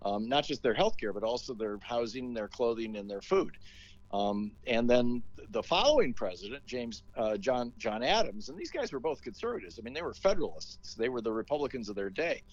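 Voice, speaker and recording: A man's voice: mid-range voice, very animated, fairly quick, dull audio. A man, a talk radio host, telling a story in a casual interview and acting out the quotes.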